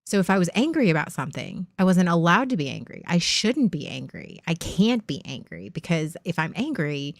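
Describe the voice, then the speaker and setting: A woman's voice: fairly low pitch, very animated, brisk, hardly any pauses, no echo, studio quality. A woman in her forties hosting a stream, talking candidly and at length in rambling sentences with frequent swearing. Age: 40s. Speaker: streamer host. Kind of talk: casual candid chat.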